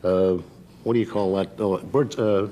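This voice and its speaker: An older man, a guest voice actor, telling relaxed stories in a talk show interview, with plenty of pauses and fillers. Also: sits low. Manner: relaxed anecdotal storytelling with many fillers.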